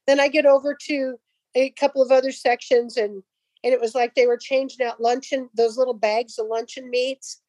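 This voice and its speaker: A middle-aged woman telling a personal faith story in a casual way, acting out the people in it with lively voices. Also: high-pitched, normal speed, dry recording. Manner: animated, acts out dialogue in voices.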